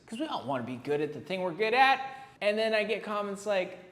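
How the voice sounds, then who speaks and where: A man's voice: high voice, huge pitch swings, fairly quick, gravelly, fairly bright tone. A man who is a tattoo artist, hosting a casual reaction commentary in a blunt, rambling and profane manner. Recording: roomy echo with long reverb, faint hiss.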